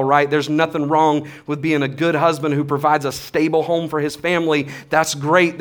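A man in his thirties preaching a sermon as a pastor, casual and animated, with slang and big swings between quiet and loud. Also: a little high.

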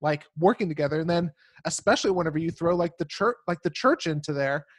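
A man hosting a podcast, enthusiastic and a bit rambling as he builds his questions. His voice sits slightly higher than most men's, and the sound is dry and close. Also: lively intonation, fast talker, no room sound. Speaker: podcast host. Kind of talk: podcast interview.

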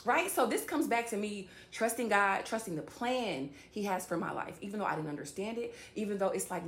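A woman's voice: mid-range voice, expressive, brisk, hardly any pauses, a bit bright. A woman speaking casually to her viewers about faith, rambling and addressing them directly. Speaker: faith vlogger. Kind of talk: casual faith-based talk to camera.

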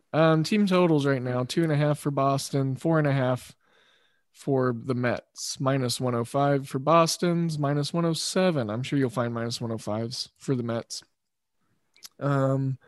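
A man hosting a laid-back chat, his voice sitting at an ordinary middle pitch. He works through his thoughts aloud with pauses and the odd filler, recorded close and dry with no room sound. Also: dry recording. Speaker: podcast host. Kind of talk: casual chat.

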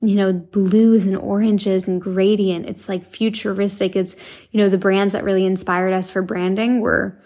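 Gravelly-edged earnest young woman chatting. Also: mid-range voice, level tone, normal speed, dark tone. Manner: chatty, earnest, filler-heavy with frequent likes and restarts. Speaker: podcast host and meditation app founder. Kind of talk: casual monologue.

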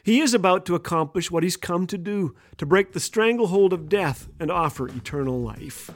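A man's voice: moderate pace, few pauses. A man hosting a radio show, telling humorous stories that lead into a devotional message. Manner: lively, playful storyteller with a wide-ranging pitch. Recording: dry studio voice with faint music.

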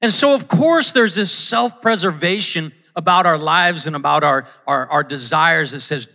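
A man's voice: on the high side, expressive, unhurried, few pauses, bright, forceful tone. A man preaching a conversational sermon in a church, often restarting his sentences and acting out quotes. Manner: conversational, self-interrupting, acts out quotes. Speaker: pastor. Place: church auditorium.

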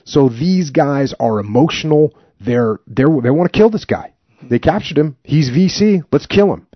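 A man's voice: on the high side, moderate pace, dry recording. A male podcast host reading from a book and then commenting on it emphatically, in a slightly muffled dry recording. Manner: emphatic, animated when commenting.

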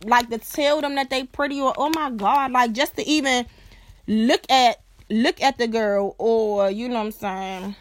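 A woman's voice: on the high side, a little slow. A young woman hosting a podcast, telling a personal story in a blunt, profane, casual way and often checking in with her listener. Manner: blunt and profane, keeps asking "you know what I'm saying"; animated, acts out other people's voices. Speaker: podcast host.

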